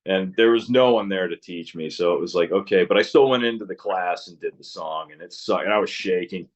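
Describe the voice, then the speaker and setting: A low-voiced man in his thirties talks fairly quickly on a muffled recording. He's a musician appearing as a guest in a casual interview, rambling through stories while swearing freely and laughing often.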